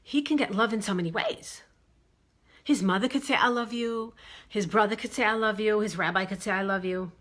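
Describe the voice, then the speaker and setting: A woman's voice: medium pitch, fairly quick, fairly bright tone, a little hiss or hum. A woman from Brooklyn, giving relationship advice in an emphatic monologue that repeats its key phrases. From Brooklyn, New York.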